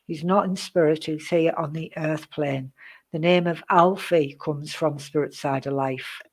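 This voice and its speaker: A woman giving psychic readings on a live stream, chatty and rambling, greeting viewers by name, with many pauses and "um"s. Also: low-pitched, fairly even intonation. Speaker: psychic reader.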